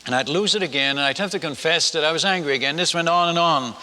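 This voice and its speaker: Older dutch guy telling a funny sermon story, high bright voice, big hall echo. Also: fast talker. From Netherlands. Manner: animated, acts out villagers and his wife in quotes. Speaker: missionary speaker. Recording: long hall reverb.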